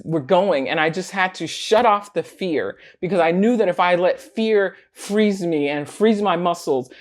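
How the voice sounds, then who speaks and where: A woman casually telling a personal story in a vlog, animated and laughing often as she acts out what people said. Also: lowish voice. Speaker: vlogger.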